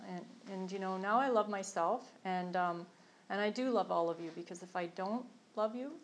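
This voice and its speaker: A woman's voice: mid-range voice, slight background noise. A middle-aged woman giving a candid, rambling personal testimony with self-deprecating humor to a group in a meeting room. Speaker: speaker sharing her recovery story.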